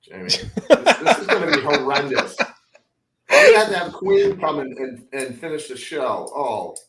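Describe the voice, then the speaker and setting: A man's voice: a little high, big pitch swings, moderate pace, fairly bright tone, a little hiss or hum. A man co-hosting a casual live show over a video call, moaning, laughing and complaining dramatically about the heat. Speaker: co-host. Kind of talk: casual chat.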